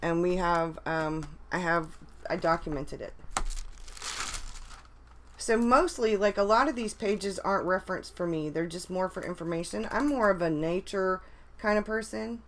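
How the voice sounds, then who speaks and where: A woman with a fairly low voice chats casually on a livestream. She rambles along, restarting her sentences and filling pauses with ums and likes. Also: slight background noise. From United States. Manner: rambling, with many restarts and fillers. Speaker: vlogger. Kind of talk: casual live chat.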